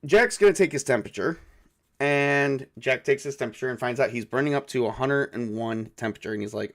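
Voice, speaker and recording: A man's voice: medium pitch, fairly quick. A man narrating and playing a solo tabletop game, thinking aloud with many fillers. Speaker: game master and solo player.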